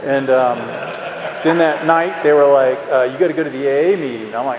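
A man's voice: medium pitch, steady tone, brisk. A man telling a candid, self-mocking personal story to an audience, rambling with lots of fillers. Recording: roomy hall, faint background noise.

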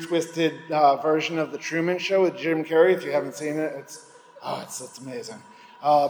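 A man's voice: a little high, reverberant, in a large hall, slight background noise, rough recording. A man speaking at a recovery meeting, giving a candid personal testimony and rambling between thoughts. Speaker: recovering alcoholic sharing at a meeting.

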